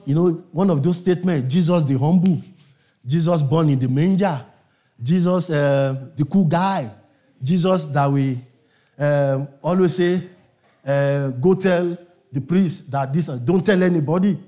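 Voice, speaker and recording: A man's voice: high-pitched, a little mellow. A man preaching a sermon to a congregation, emphatic and repetitive, calling on his listeners to answer.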